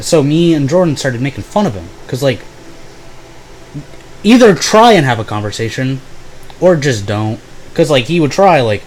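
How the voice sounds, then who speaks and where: A man's voice: mid-range voice, animated, normal speed, long pauses, slight background noise. A young man telling a rambling, profane storytime full of "like" and fillers. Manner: bursts into loud exaggerated impressions. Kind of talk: casual storytime.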